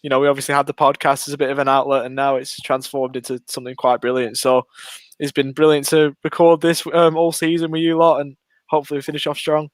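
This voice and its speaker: A man's voice: a little high, level tone, quick pace, no echo. A man co-hosting a casual football podcast, rambling and poking fun at himself. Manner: chatty, self-deprecating, rambling. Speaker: podcast co-host.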